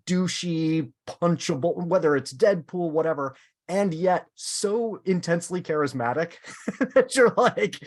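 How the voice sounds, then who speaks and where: A man hosting a podcast in casual chat, animated and full of fillers and restarts. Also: on the high side, a little slow. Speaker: podcast host.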